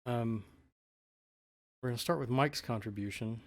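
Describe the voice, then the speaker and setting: A man co-hosting a live stream, chatting casually and laughing while cartoons play, with many fillers and restarts. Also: mid-range voice. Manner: laughs often, halting with fillers. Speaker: podcast co-host. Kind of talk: casual chat over cartoons.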